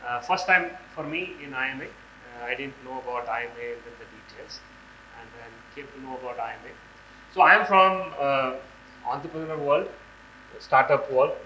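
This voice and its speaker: Hoarse man giving a stage talk. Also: medium pitch, bright, forceful tone, roomy sound, slight background noise, poor audio. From India. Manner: halting, many fillers and restarts. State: hoarse from a cold. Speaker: guest speaker. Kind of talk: conference talk. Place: large hall on stage.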